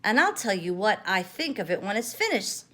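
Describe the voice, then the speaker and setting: A gloomy donkey, as an older woman voices him speaks slowly and glumly. His tone is flat and unhurried. It is storybook reading. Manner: slow, rumbling and glum. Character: gloomy, slow-talking male donkey.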